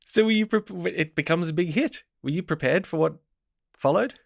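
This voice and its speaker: A man's voice: a little high, moderate pace, vocal fry. A man hosting a podcast interview, asking thoughtful questions and giving short affirmations. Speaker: podcast host.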